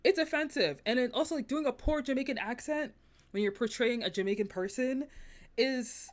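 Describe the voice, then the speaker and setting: A woman film critic, a guest on a podcast, giving passionate, emphatic opinions in casual chat. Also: fairly high pitch.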